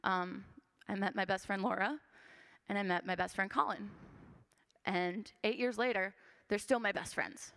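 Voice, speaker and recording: A woman's voice: mid-range voice, fairly even intonation, normal speed, fairly bright tone. A woman in her twenties gives a personal testimony in a church, talking earnestly and conversationally with plenty of fillers. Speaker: church member giving testimony. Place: church sanctuary. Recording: long church hall reverb.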